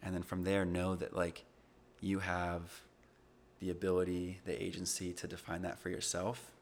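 A man's voice: sits low, completely flat delivery, normal speed. A young man talking earnestly and reflectively in a casual podcast conversation, with plenty of fillers. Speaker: podcast guest.

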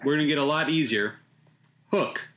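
A man hosting a film podcast, speaking in a relaxed way and explaining things plainly. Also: fairly high pitch, moderate pace. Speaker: podcast host.

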